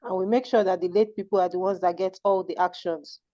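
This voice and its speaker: A woman's voice: fairly low pitch, fairly even intonation, fairly quick, warm tone, muffled recording. A woman on an online call who speaks firmly and then leads a fervent closing prayer. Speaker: community member leading prayer. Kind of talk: emphatic comment and closing prayer. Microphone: video call.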